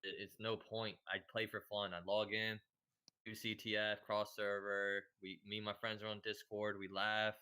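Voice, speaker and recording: A man's voice: fairly low pitch, monotone, moderate pace, pushed and bright, clean tone. A man guesting on a podcast, talking earnestly and casually about playing an online game for fun, filling his speech with "like" and "you know". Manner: earnest, repetitive, easygoing, heavy use of "like" and "you know".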